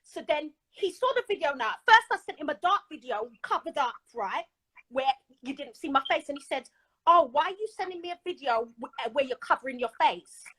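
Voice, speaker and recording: A woman telling a dramatic personal story in an excitable, animated way. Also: sits high, brisk, no echo, low-quality recording. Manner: excitable, dramatic retelling with voices. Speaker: caller telling her story. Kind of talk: animated storytelling on a live stream.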